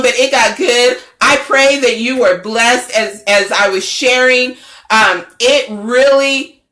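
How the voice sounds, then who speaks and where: A woman's voice: fairly high pitch, pushed and bright. A middle-aged woman, a network founder and coach, giving a fervent, preachy livestream pep talk that repeats its phrases. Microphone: phone or webcam livestream.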